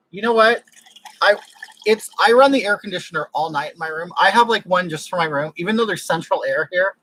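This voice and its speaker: Bright, high-voiced man chatting gushily. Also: low-quality recording. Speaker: livestream host. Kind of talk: casual livestream chat, greeting viewers. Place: home room with air conditioning. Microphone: desk microphone.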